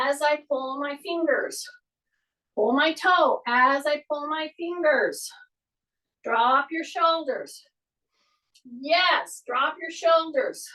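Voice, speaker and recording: A woman's voice: sits high, a bit bright, distant mic, low-quality recording. A woman fitness instructor leading a guided workout class, giving repeated breathing and posture cues while she demonstrates the moves. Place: exercise class room.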